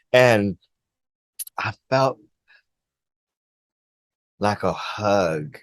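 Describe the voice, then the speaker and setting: A man vlogger earnestly recounting a personal experience, halting and repeating himself with many likes and restarts. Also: deep voice, no echo. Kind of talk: personal storytelling to camera.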